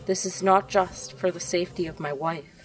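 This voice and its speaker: A woman's voice: lowish voice, fairly even intonation, normal speed, recorded from a distance, faint music behind, natural voice, rough recording. A woman reading the lines of a cold, drawling, contemptuous young male wizard from a storybook.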